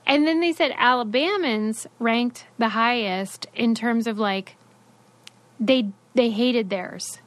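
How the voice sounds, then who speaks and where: A woman's voice: on the high side, takes it slowly, no room sound. A woman co-hosting a podcast, chatting casually and explaining what she read, with side remarks. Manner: chatty, explains a study with asides. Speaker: podcast co-host. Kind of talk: casual chat.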